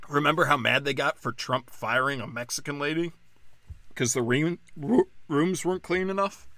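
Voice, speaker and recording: A man delivering a profane, sarcastic political rant, swinging between loud outbursts and low muttering. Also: normal speed, no echo. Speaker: political commentator.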